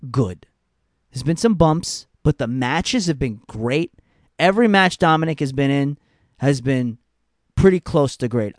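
A young man talks wrestling in a loose, rambling rant, swearing freely and piling on fillers. His pitch swings widely as he gets worked up, and the sound is close and dry with no room in it. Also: no room sound. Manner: animated, profane, rambling with many fillers. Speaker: wrestling commentary podcaster. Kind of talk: casual opinion talk.

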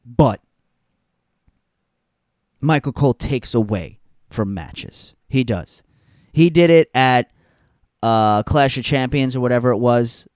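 A man's voice: medium pitch, takes it slowly, long pauses, a little mellow, no room sound, studio quality. A young adult man hosting a podcast, ranting in a blunt, profane way and repeating points for emphasis. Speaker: podcast host. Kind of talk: casual ranting commentary.

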